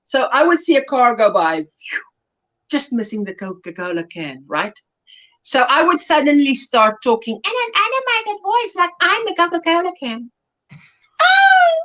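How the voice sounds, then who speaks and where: A woman's voice: sits high, fairly bright tone, lo-fi sound. A middle-aged South African woman hosting a livestream, chatty and laughing as she reads out viewer comments. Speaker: livestream host. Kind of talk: casual chat while crafting.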